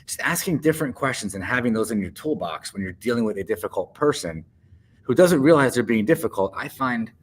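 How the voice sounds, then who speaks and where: A man's voice: medium pitch, expressive, fairly quick, slightly rough. A man co-hosting a casual podcast chat, thoughtful and repeating words as he forms his ideas. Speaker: co-host.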